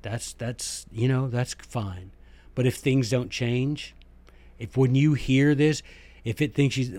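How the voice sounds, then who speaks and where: A man hosting a podcast in a casual monologue, talking fast and excitedly with restarts and emphatic asides. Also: medium pitch. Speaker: podcast host and former teacher.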